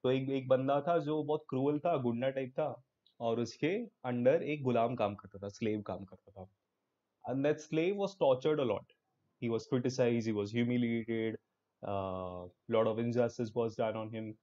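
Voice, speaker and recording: Upbeat Indian English teacher, lo-fi audio. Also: male voice, medium pitch, very fast, dark tone. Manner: upbeat, encouraging, mixes Hindi into English. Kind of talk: live online class.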